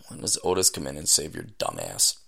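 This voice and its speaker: A man hosting a podcast, ranting scornfully and profanely at an article he reads aloud, often bursting into shouting. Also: rumbling low, gravelly, husky. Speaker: podcast host. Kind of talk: comedic rant reacting to a read-aloud article.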